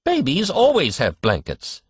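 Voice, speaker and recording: A stern, prim nurse, voiced by a male reader, firm and no-nonsense. The voice sits well above the reader's own and stays husky. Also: on the high side, huge pitch swings, a little slow, dry recording, pitched above the performer's own voice, heavily acted. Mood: severe. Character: severe, prim female hospital nurse.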